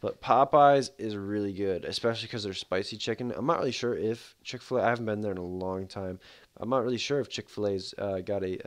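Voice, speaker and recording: A man streaming a game, chatting casually in a rambling, laid-back way full of fillers. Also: mid-range voice. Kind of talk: casual livestream commentary.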